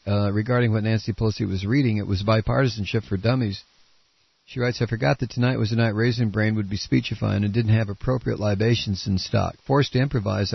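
Combative male radio host with a gravelly, husky, congested voice; dry, dull broadcast sound. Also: on the low side, no room sound. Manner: blunt, combative, rambling with restarts. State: coughing, congested. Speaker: radio talk show host. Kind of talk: political talk radio. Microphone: studio microphone.

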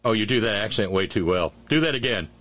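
A man's voice: fairly low pitch, lively intonation, fast, a bit bright, no room sound. A man hosting a talk show, giving sarcastic, indignant commentary and bringing in callers. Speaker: radio show host.

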